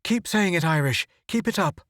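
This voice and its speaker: A man reading aloud puts on a tense young space reporter, pitched noticeably higher than the narration and pushing hard to be heard. He sounds urgent and commanding, and the voice sits close and dry with no room around it. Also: expressive, moderate pace, fairly bright tone, no room sound. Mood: shouting. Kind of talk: audiobook character reading.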